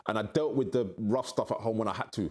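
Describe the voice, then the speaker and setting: Man, middle-aged, candid storytelling, animated, acts out quotes. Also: fast. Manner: animated, acts out quoted voices with big pitch jumps. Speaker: interview guest.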